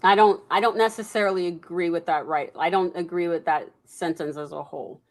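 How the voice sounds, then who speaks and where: A woman's voice: fairly low pitch, fairly even intonation, brisk. A woman in a casual discussion who speaks directly and challenges what others say. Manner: direct, pushes back on claims.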